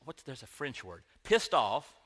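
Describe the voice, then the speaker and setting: This pastor's medium-pitched voice swings widely in pitch, moves unhurriedly, sounds a little bright, and trails a long reverb. He delivers a sermon in a conversational, joking way, addressing his congregation directly in the sanctuary.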